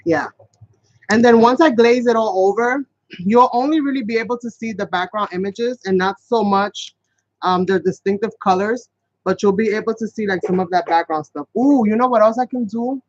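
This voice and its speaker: A chatty man with a fairly high voice leads a casual live craft tutorial, rambling along as he works. The sound is dull and lo-fi, and the voice comes through dry and close with little room around it. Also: moderate pace, no room sound. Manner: chatty, rambling, talks to viewers as "you guys". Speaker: craft channel host.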